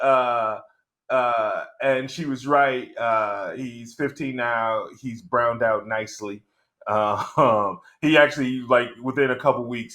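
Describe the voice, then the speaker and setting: A middle-aged man telling a stand-up story, rambling and halting with many fillers and restarts. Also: medium pitch, a bit bright. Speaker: stand-up comedian.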